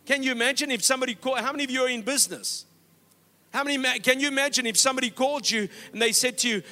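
A man's voice: extremely high pitch, rapid-fire, sharp tone, a faint crowd. A man pastor preaching a sermon in a church, exhorting the congregation and telling stories with quoted dialogue. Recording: long hall reverb.

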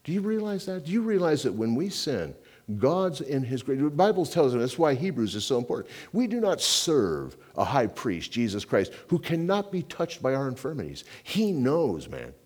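Animated conversational male pastor preaching. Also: mid-range voice, moderate pace. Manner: conversational preaching, says "man" and "you know" often; animated, swinging between loud emphasis and quiet intensity. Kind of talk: sermon.

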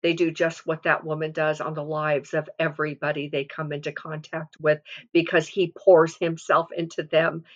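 A woman's voice: low voice, little pitch movement, moderate pace, dull audio. A middle-aged woman giving an informal devotional sermon, retelling scripture in a chatty way with restarts and asides. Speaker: devotional speaker.

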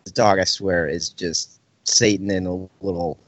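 A man's voice: sits low, steady tone, normal speed, dry recording. A man co-hosting a podcast, ranting in casual, heavily profane, exasperated talk. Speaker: podcast co-host. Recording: dull lo-fi dry audio.

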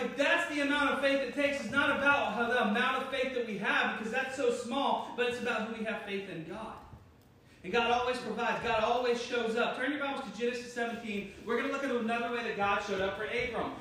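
A man's voice: extremely high pitch, brisk, sharp tone, distant mic. A man preaching a sermon to his congregation, joking and teasing the people in front of him and laughing at himself. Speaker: pastor. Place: church hall. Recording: very echoey room, voice from afar, faint noise.

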